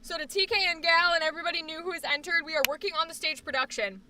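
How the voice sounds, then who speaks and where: A young woman streamer chatting casually on a live stream, rambling, swearing often and breaking into sudden loud outbursts. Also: very high voice, very fast, distant mic, noisy background.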